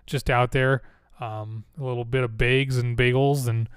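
A man playing a shy, timid army man with a thick Minnesotan accent, meek and folksy in his delivery. The voice rides higher than a plain speaking voice and sounds smooth and close. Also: flat delivery, moderate pace, no room sound, natural voice.

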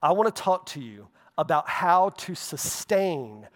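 A man's voice: fairly high pitch, sing-song, unhurried. Man preaching in a reverberant hall. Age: adult, walked with faith over half his life. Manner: conversational preaching with asides and tag questions. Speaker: pastor. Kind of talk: sermon.

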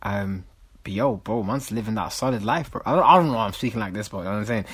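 A man's voice: lowish voice, lively intonation, fast, fairly bright tone, slightly rough, dry recording. A young man, co-hosting a casual podcast chat, rambling and repeating himself with lots of fillers. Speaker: podcast co-host.

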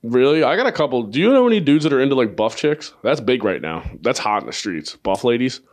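A comedian hosting a podcast trades crude jokes and stories laced with heavy profanity. His mid-range voice moves quickly and swings widely in pitch.

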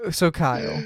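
Give me a podcast co-host who talks slowly and makes dry jokes in casual chat. The sound is dry and close-miked, with no room echo. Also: mid-range voice, slightly rough. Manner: dry quips, frequent laughter.

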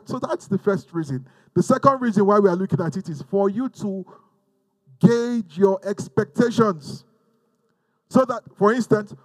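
A man's voice: sits high, no room sound, rough recording. A man from Africa preaching a teaching sermon, fervent, repeating phrases and leading the listeners in call-and-response.

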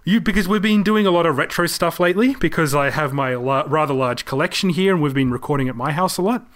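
A man in his thirties talks loosely and at length, poking fun at himself as he goes. His voice sits a little high for a man. It is relaxed podcast banter between co-hosts. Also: fast talker. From Australia. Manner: rambling, self-mocking, laughs easily. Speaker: podcast co-host. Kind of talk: casual chat.

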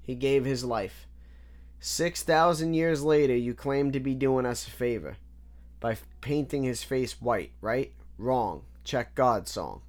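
A man's voice: medium pitch, measured pace. A man casually breaking down rap lyrics line by line, analytical and repetitive, often restarting his sentences. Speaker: music reviewer.

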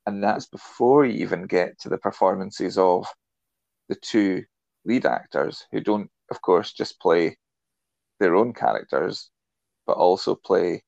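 A man co-hosting a podcast, chatting about a film in a relaxed, enthusiastic way and laughing often. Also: deep voice, measured pace, creaky, no room sound, lo-fi sound. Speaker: podcast co-host. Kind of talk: casual film discussion.

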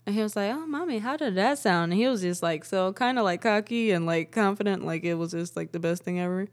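A young woman co-hosting a casual podcast, a mother telling a story in a relaxed, agreeable way. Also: on the low side, fast. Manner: agreeable, backs up her partner with short yeahs, relaxed storytelling. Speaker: podcast co-host.

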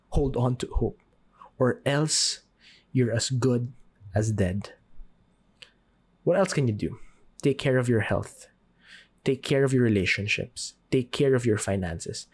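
A man hosting a podcast, giving an earnest, encouraging faith talk with dramatic pauses. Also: mid-range voice, slightly rough. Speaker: podcast host.

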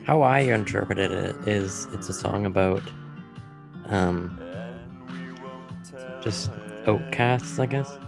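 A man casually chatting about the album's songs, hesitant and relaxed, with many fillers. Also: lowish voice, slow, vocal fry, pauses often, over music. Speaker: musician co-host discussing the album. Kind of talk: casual chat.

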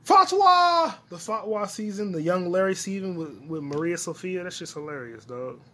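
A man's voice: high voice, brisk. A man hosting a solo podcast, rambling and swearing freely as he talks to himself, recorded on a phone. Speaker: podcast host.

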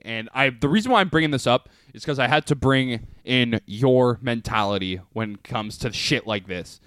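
A man's voice: fairly low pitch, animated, brisk, a bit bright, no room sound. A young man co-hosting a casual comedy podcast, joking, laughing often and acting out quoted arguments. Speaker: podcast co-host.

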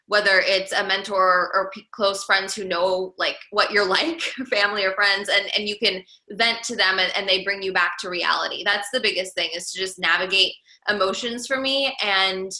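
Casting: chatty businesswoman guest, very bright tone, roomy echo. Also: mid-range voice. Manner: chatty, many "like"s and restarts. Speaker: guest, entrepreneur and coach. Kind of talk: casual podcast conversation.

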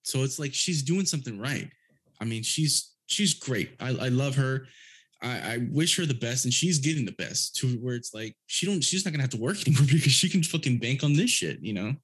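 A man's voice: medium pitch, animated, a little fast, husky. Laid-back, profane young man. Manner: profane, laid-back, rambling with frequent fillers. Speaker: podcast guest. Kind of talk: casual chat.

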